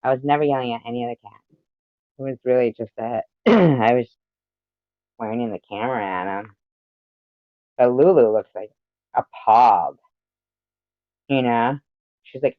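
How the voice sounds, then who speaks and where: The host of a livestream, a man with a mid-range voice, talks at normal speed but pauses often as he rambles casually to his live audience and curses at his pets between topics. There's no echo, and the sound is phone-quality.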